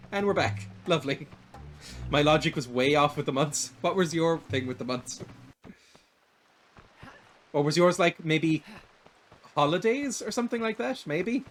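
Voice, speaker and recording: A man with an Irish accent, giving casual, rambling, self-deprecating commentary while streaming a video game. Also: fairly high pitch. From Ireland. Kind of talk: casual let's-play commentary.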